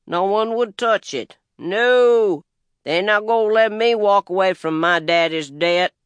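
A self-pitying white farm boss in his thirties, as a male storyteller puts him on. He whines and sulks about his lot, a drinker feeling sorry for himself. The voice sits a little high and comes across smooth and dry. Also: measured pace, fairly bright tone, no echo. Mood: bitter. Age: 30s.

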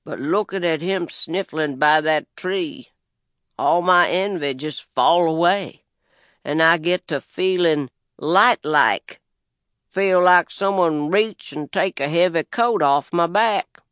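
Slow, smooth-voiced Southern US male narrator. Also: on the high side, a bit bright, no echo, clean studio sound. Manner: unhurried, plainspoken, wry storytelling in dialect. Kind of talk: first-person audiobook narration.

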